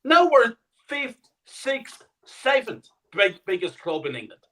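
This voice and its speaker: A man's voice: very high voice, very animated, takes it slowly, pushed and bright, low-quality recording. A man talking as a guest on a fan podcast, indignant and sweary, with emphatic points. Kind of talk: podcast discussion.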